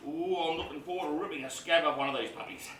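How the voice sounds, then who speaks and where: A man's voice: a little high, fast, lightly acted. A man playing a brash, crude Aussie cricket fan. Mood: bantering. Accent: Australian. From Australia. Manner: boisterous, swears freely, cracks crude jokes. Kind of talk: comedy film acting. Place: outdoor cricket ground stands. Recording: echoey, distant mic, background noise.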